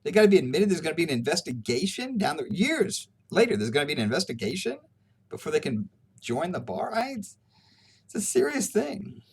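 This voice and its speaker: A man's voice: fairly high pitch, very animated, fairly quick, husky. Guy teaching ethics, tells the story casually, voice jumps up and down a lot. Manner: conversational storytelling, acting out quoted exchanges. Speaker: ethics professor. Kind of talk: recorded lecture for students.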